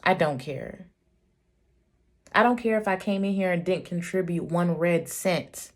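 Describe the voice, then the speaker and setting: A woman's voice: lowish voice, a little slow. A woman in her thirties telling a storytime vlog, talking in a heated, profane, emphatic way. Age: 30s. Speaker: vlogger, single mother.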